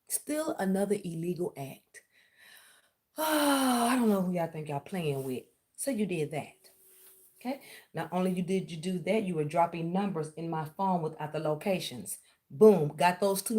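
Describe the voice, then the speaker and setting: Low-ish and a bit mellow, the woman's voice carries a vlog rant in which she sarcastically confronts someone for supposedly spying on her.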